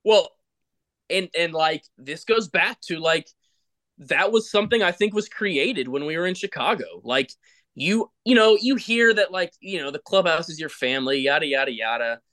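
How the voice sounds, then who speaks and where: A man hosts a casual podcast with a bright, forceful edge to his slightly high voice. He rambles warmly through his points, pressing on each one with emphasis. Restarts and fillers run through his talk. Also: animated, normal speed. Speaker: podcast host, former ballplayer.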